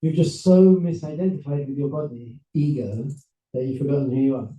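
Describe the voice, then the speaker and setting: A man, a rabbi, giving an animated storytelling talk to a seminar audience, acting out characters as he goes. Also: medium pitch, brisk, roomy sound, far from the mic, dull audio. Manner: animated, acts out characters with voices and laughs. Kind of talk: lively storytelling lecture.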